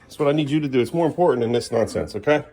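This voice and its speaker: A man's voice: medium pitch, very fast, very noisy. A middle-aged man vlogging at home as a father, coaxing and scolding his kids in casual talk.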